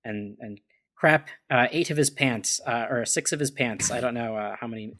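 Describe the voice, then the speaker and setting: A man's voice: medium pitch, moderate pace, fairly bright tone. A man on a casual discussion podcast, thinking aloud with many fillers and restarts. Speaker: podcast panelist.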